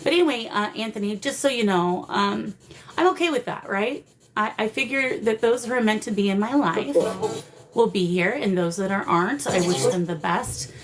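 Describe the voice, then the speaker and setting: Woman running a live ghost session, coaxing and warm, kinda emotional, faint hiss behind her. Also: mid-range voice, normal speed. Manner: warm, coaxing, talks to spirits and viewers. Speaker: paranormal livestream host. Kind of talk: live spirit-box session with chat.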